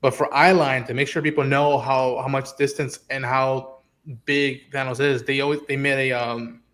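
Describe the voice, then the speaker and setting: A man's voice: medium pitch, little pitch movement, normal speed, a bit bright. A man hosting a casual online chat, talking in an easygoing, rambling way with many fillers. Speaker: host.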